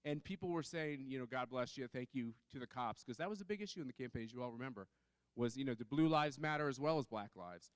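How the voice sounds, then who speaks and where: A man's voice: medium pitch, lively intonation, fast, clear, resonant tone, no echo. A man on a conference panel telling a story in a chatty way, full of fillers and restarts. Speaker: panel speaker.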